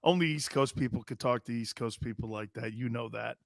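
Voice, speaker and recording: A man hosting a casual sports talk show, spinning jokey stories with lots of animation. His voice sits a little high, and the sound is close and dry with no room echo. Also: a little fast. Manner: animated, joking storyteller. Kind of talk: casual sports radio chat.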